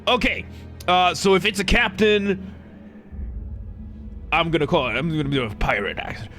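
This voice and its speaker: Bright-voiced joking male streamer. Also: a little high, very animated, normal speed, faint music behind. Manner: rambling, self-correcting, joking with chat. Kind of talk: casual live-stream commentary.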